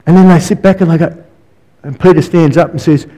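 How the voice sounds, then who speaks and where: A man's voice: a little high, fairly even intonation, a little fast, mellow, rough recording. A man preaching as a guest speaker and counsellor, telling stories with asides and rhetorical questions. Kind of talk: sermon.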